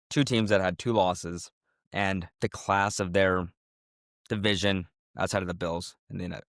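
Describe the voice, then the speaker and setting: Excitable joking man, a bit sick. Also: lowish voice, no room sound, clean studio sound. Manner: excitable, jokey, laughs often. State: sick, coughing. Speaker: podcast co-host. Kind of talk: casual sports chat.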